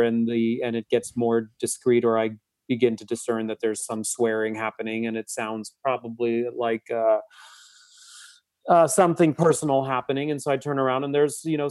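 A man's voice: medium pitch, a little mellow, dry recording. Reflective male psychotherapist guest. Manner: reflective, with frequent restarts and fillers. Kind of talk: conversational storytelling.

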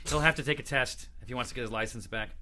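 A man's voice: mid-range voice, sharp tone. A man hosting a podcast, chatting casually and teasing his co-hosts. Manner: joking, quick to tease the others. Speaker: podcast host. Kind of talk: casual chat.

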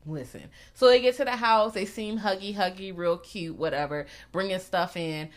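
A woman co-hosting a casual talk show, retelling a film with profane, animated storytelling. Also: mid-range voice, normal speed. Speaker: podcast co-host. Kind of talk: casual chat, movie recap.

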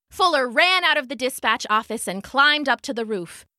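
A woman telling a children's story aloud, animated and expressive, with a high, bright voice that swings widely in pitch. She plays up the sound-effect words, and the recording is dry and close with no room echo. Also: moderate pace, hardly any pauses.

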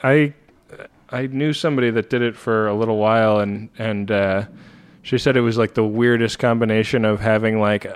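Guy with a lowish voice rambling on a podcast, says like a lot. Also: steady tone, normal speed, clear, resonant tone. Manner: chatty, rambling with many likes. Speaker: podcast co-host. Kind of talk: casual chat.

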